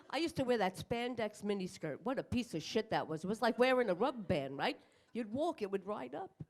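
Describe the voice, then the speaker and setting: A woman's voice: mid-range voice, big pitch swings, fairly quick, darkish tone. An older woman doing a stand-up comedy set on a club stage, with brash, profane, self-mocking punchlines. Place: comedy club stage in front of a live audience.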